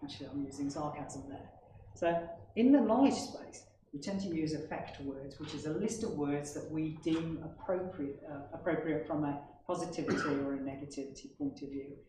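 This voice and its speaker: A man with a mellow, slightly high voice speaks at a normal pace, giving an explanatory technical conference presentation and often checking in with his audience. The recording comes from a distant mic in an echoey hall with background noise.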